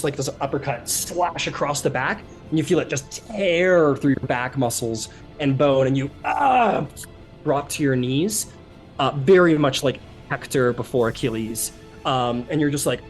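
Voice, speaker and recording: Male game master, loose casual narration full of fillers. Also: fairly high pitch. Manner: casual, rambling, many fillers.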